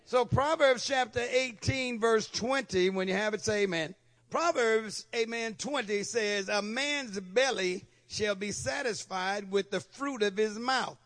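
A pastor preaching a Sunday morning sermon in church, calling on the congregation for amens. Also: male voice, high-pitched, a little slow, a bit bright. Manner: call-and-response preaching, asking for amens.

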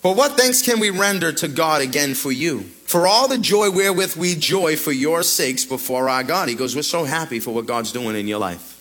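A man pastor preaching an animated radio sermon, retelling scripture in lively paraphrase. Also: a little high, moderate pace, few pauses, rough recording.

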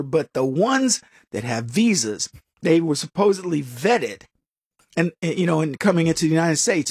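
A man with a high, lively voice talks through a sarcastic political monologue, stumbling and restarting often and chuckling at his own jokes. His tone is a little husky, and the sound is close and dry. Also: dry recording. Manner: animated and sarcastic, with frequent restarts. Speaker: host of a political talk show. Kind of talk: casual political commentary monologue.

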